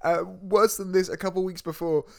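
A man's voice: high voice, steady tone, fairly quick, a little mellow. A man co-hosting a podcast, telling a story in casual chat, laughing at himself as he goes. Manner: laughs through his own story, self-mocking. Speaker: podcast co-host.

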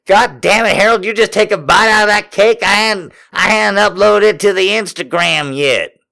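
A man voicing a fussy woman who scolds someone for biting her cake, swearing loudly in a high voice. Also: moderate pace, vocal fry, exaggerated voice. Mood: scolding. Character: fussy woman whose cake got bitten, shrill.

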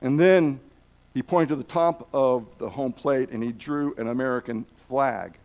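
A man teaching a lesson through a story, with dramatic pauses and restarts. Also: mid-range voice, a little mellow, highs cut off. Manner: repeats words while telling. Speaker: Bible teacher.

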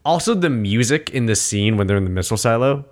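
A man co-hosting a casual movie podcast, answering calmly with short agreements and adding details. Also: medium pitch, fast talker. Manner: calm, brief agreeing replies. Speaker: podcast co-host. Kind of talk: casual movie review chat.

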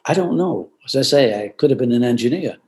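A man's voice: medium pitch, expressive, a little fast, darkish tone, poor audio. Older man speaking over a video call. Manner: repeats phrases, clears throat often, earnest. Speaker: guest, company founder. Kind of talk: reflective interview answers. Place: at home in France. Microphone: remote video call.

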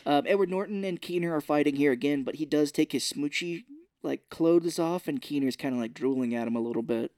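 Male podcast co-host for a lively, profane movie recap with a dry, close-miked sound. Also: a little fast, no room sound. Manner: animated retelling, acts out characters' lines in high voices; swears freely. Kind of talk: casual movie recap chat.

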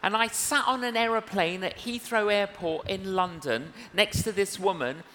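A male evangelist preaching a sermon in a church service, earnest and unhurried, acting out dialogue in his stories. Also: sits high, bright, forceful tone. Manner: slow, earnest, acts out dialogue in anecdotes. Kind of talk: sermon with storytelling. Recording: reverberant church hall with faint noise.

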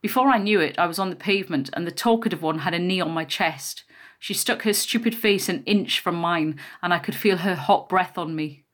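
A woman's voice: lowish voice, fairly quick. Woman reading a memoir aloud. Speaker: narrator. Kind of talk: first-person memoir reading.

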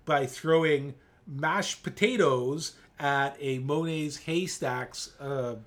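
A man co-hosting a podcast, chatting casually in a halting way, often restarting with ums and repeated words. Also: on the high side, a bit bright. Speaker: podcast co-host. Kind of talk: casual chat.

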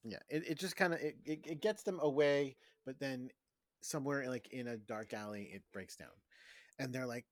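A man co-hosting a casual podcast, recapping a film and acting out the characters' lines in quick voices. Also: mid-range voice, no echo, studio quality. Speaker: podcast co-host. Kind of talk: casual movie recap chat.

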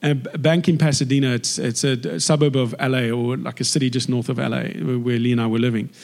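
A man from South Africa with a South African accent, giving a personal faith testimony as a lively storyteller who acts out dialogue. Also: mid-range voice, fast, vocal fry.

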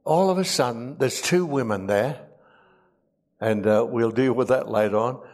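A man's voice: mid-range voice, moderate pace, a little mellow. A man preaching a sermon, reading scripture aloud and adding emotional, humorous asides.

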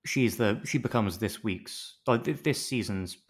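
A man's voice: lowish voice, a little slow. A man co-hosting a podcast, recapping a TV show in a rambling, jokey way with swearing and mock-pompous bits. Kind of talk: casual chat.

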